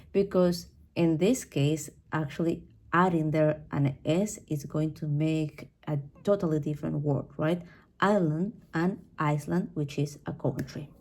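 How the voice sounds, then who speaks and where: A woman's voice: low-pitched, warm tone. A woman who speaks Spanish as her first language, with a Spanish accent, teaching English pronunciation on a podcast in a chatty way, full of fillers and asides like "right?" and "okay?".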